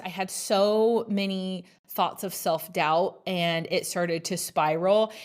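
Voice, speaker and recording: A woman in her thirties hosting a solo podcast, telling a personal story in a frank, chatty way with lots of "like" fillers. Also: medium pitch. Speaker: podcast host. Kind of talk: candid solo podcast monologue.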